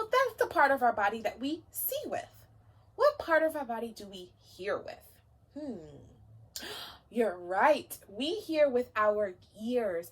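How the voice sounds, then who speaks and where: A woman teacher leads story time for small children with gentle encouragement. Her voice sits high and swings widely in pitch as she coaxes the kids along. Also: slightly rough.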